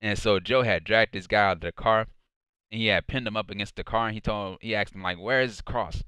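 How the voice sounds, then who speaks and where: A man's voice: lowish voice, fairly even intonation, fairly quick, bright, forceful tone, smooth, dry recording. A man recapping a wrestling show alone in a casual, rambling way, full of fillers, sometimes acting out quotes with mock heat. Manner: quotes others in a mock-heated voice.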